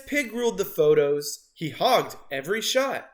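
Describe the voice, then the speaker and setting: Man reading a storybook, high voice, big swoops in pitch, unhurried, expressive character voices. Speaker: storybook reader. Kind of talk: animated picture-book read-aloud.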